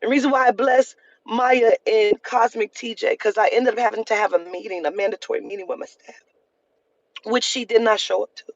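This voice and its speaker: A woman's voice: a little high, steady tone, brisk, dry recording, dull audio. Heated, profane woman ranting, dry sound. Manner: heated, profane, repeats lines for emphasis. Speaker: vlogger. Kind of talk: emotional storytime rant.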